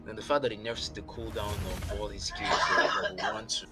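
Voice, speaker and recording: A man's voice: fairly low pitch, fairly even intonation, a little fast. A man casting a live esports match, chatty and rambling, thinking aloud as he goes. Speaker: esports caster. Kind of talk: live game commentary. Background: game music.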